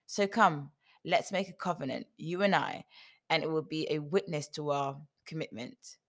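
An indignant old patriarch, read by a woman fires off one reproachful question after another. The voice sits low and stays close to plain storybook reading. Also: steady tone, normal speed. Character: indignant old male patriarch, grasping and accusing.

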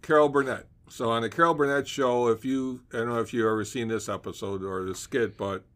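A man's voice: medium pitch, fairly even intonation, a little fast, a bit bright. A man co-hosting a podcast, earnestly describing a favorite comedy sketch and laughing as he goes. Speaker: podcast co-host. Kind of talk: casual chat about comedy.

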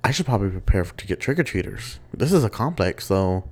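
Giggly, animated man chatting. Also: on the low side, fairly quick, slightly rough. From West Texas. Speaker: podcast host. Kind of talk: casual solo podcast chat.

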